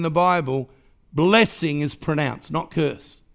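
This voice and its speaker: A man's voice: mid-range voice, moderate pace, creaky. A man preaching a sermon as pastor, emphatic and rhythmic, with repeated phrases and sudden rises in volume. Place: church.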